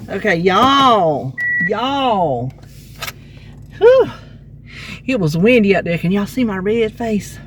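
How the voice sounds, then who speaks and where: A woman's voice: medium pitch, animated, slow, hardly any pauses. A woman from North Carolina with a Southern accent, chatting folksily to viewers as she gives a walking tour of her town, filmed outdoors on her phone. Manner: chatty, folksy, rambling, talks to viewers as y'all. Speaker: vlogger. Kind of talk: casual walking tour chat. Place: outdoors on town streets, windy. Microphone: handheld phone. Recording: loud street and traffic noise. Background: cars and city traffic.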